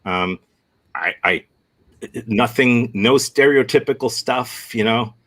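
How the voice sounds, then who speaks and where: With a slightly bright, mid-range voice, an American improv instructor responds to a student's question during a video-call workshop. His answer is candid and considered but full of halting restarts.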